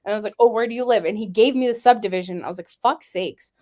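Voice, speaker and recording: A woman's voice: medium pitch, very fast, mellow. A woman on a casual live video panel, ranting bluntly with lots of swearing and laughter. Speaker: panel guest.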